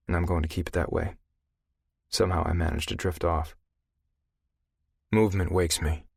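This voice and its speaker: A man narrating a first-person audiobook in a gruff, profane, intimate way on a close mic. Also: low-pitched, no room sound.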